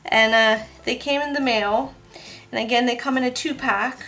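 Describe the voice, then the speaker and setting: Chatty woman soap maker, slightly high voice. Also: fairly even intonation, moderate pace, bright, forceful tone. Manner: chatty, laughs while telling stories. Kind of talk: casual crafting vlog narration.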